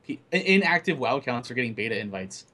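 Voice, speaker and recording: A man's voice: mid-range voice, fast talker, crowd noise. Young man explaining gaming news steadily. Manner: steady, explanatory, restarts words often. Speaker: podcast co-host. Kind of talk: casual gaming news chat.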